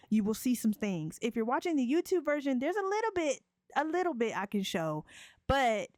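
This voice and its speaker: A woman's voice: fairly high pitch, dry recording, studio quality. Slangy, playful woman doing let's play commentary.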